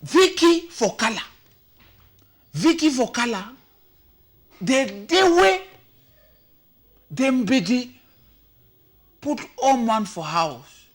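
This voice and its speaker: A man with a Cameroonian Pidgin accent giving comic commentary, animated and switching between languages, sometimes shouting. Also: very high-pitched, takes it slowly, pauses often. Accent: Cameroonian Pidgin English. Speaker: comedy commentator.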